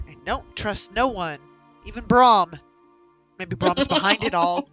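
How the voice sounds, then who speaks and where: A blunt player in a tabletop game swears emphatically and talks slowly. The voice is bright and lively in pitch, with faint music behind. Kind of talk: casual tabletop game play.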